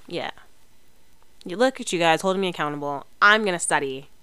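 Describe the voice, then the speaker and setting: Chatty young woman vlogger, clear voice. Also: fairly low pitch, fairly quick, bright, forceful tone, no echo. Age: young adult. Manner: chatty, rambling, lots of fillers and self-corrections. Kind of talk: casual chat to camera.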